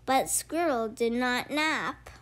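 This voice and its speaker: A woman reading a children's picture book aloud, with slow, expressive storytelling. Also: a little high. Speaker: storybook reader. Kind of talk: children's read-aloud narration.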